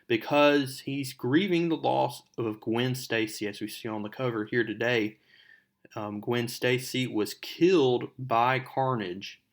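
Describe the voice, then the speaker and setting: A young adult man hosting his own show, recapping a comic book in a relaxed, chatty way with fillers. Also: medium pitch.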